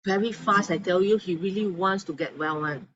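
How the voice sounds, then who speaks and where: A woman giving an animated testimonial talk to an audience, acting out the people she quotes. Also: lowish voice, moderate pace, lo-fi sound, background noise. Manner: animated storyteller, acts out quotes.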